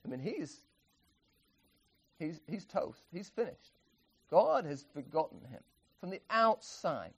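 A man's voice: on the high side, sing-song, takes it slowly, long pauses, breathy edge, dull audio. A man preaching an expository sermon, emphatic, often restarting phrases and chuckling.

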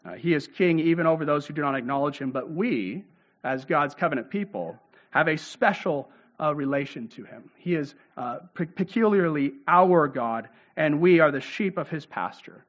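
A man's voice: fairly high pitch, animated, normal speed, highs cut off. A man giving an expository sermon, explaining scripture with frequent "uh" and "right?" asides. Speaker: pastor.

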